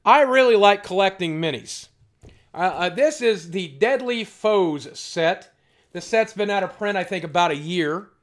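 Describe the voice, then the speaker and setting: Casting: male streamer, voice sits a bit high, loose and rambling, blunt and profane, fields chat questions live. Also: animated, measured pace. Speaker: livestream host. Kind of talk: casual livestream chat.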